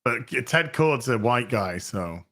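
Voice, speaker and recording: Give me a brash British man with a bright, forceful voice trading quick banter on a live stream. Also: mid-range voice, expressive. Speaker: co-host guest. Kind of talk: casual live-stream chat.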